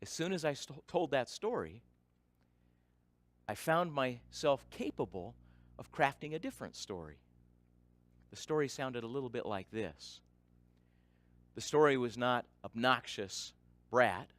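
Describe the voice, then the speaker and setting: Lively, animated man telling a story onstage. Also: mid-range voice, a little slow, long pauses, dry recording. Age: middle-aged. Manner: dramatic, varies loudness, lists in rhythm. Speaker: speaker giving a talk. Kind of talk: storytelling keynote talk.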